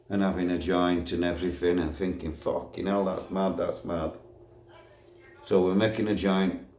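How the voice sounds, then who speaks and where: A man's voice: low-pitched, a little mellow. A man telling a blunt, swear-filled story from his past in a casual, storytelling way. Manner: blunt, swears freely, laughs at his own memories. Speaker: former prisoner recounting a riot. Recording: echoey room, faint background noise.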